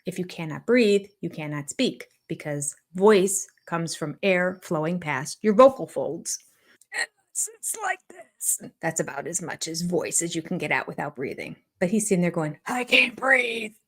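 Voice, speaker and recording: A woman's voice: on the low side, moderate pace, few pauses. An older woman giving sarcastic, amused reaction commentary on a reality show, often laughing. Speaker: YouTube commentator.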